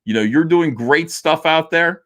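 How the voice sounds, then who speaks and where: A man's voice: a little high, a little slow, a bit bright. A middle-aged man hosting a casual livestream, reading viewer messages aloud and answering them in a loose, joking way with many fillers. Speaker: livestream host reading super chats.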